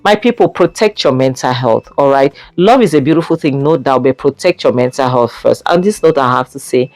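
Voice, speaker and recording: A Nigerian man gives an impassioned film review, scolding a character as though she were in front of him. His voice sits at an ordinary middle pitch and sounds dry and close, with faint music underneath. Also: expressive, brisk, a little mellow, no echo. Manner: scolds a character directly, emphatic and repetitive. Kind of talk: impassioned movie recap and review.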